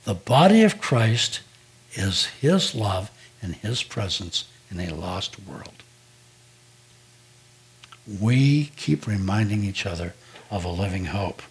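A man's voice: on the low side, sing-song, slow pace, pauses often. An older man, a pastor, preaching a sermon in a conversational, storytelling way, acting out quoted dialogue.

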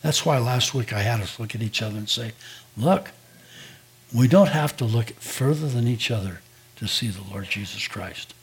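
A man's voice: medium pitch, expressive, moderate pace. An older man, a pastor, preaching a sermon in a conversational, storytelling way, acting out quoted dialogue.

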